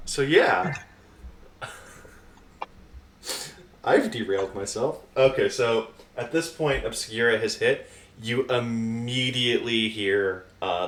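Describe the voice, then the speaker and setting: Guy gm rambling thru the scene, um and uh a lot, lower voice, echoey room. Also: takes it slowly, fairly bright tone, a little hiss or hum. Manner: rambling, chuckling, lots of fillers. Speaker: game master. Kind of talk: narrating a tabletop game.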